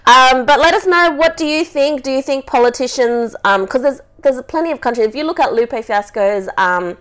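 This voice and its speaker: A woman's voice: high-pitched, normal speed, fairly bright tone, smooth. A woman hosting a casual live podcast, chatty and rambling, laughing a lot. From Australia. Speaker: podcast host. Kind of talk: casual chat, live stream.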